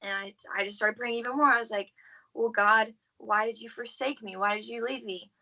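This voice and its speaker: Her voice sits on the high side, gravelly and sharp, moving briskly with fairly even intonation over a rough recording. She's a young woman from the American South on a podcast, giving a heartfelt, earnest testimony of faith in chatty speech full of "like."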